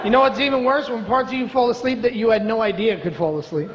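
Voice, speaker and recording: A man's voice: very high voice, fast, highs cut off, crowd noise. A man from Brooklyn doing a stand-up comedy set, talking in a chatty, sarcastic way and teasing the audience. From Brooklyn, USA. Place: comedy club stage. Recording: reverberant live club with audience noise.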